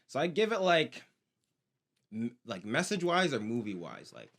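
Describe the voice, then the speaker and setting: Male podcast co-host, relaxed and easygoing, short replies, lively rising and falling pitch. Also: normal speed. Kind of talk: casual podcast chat.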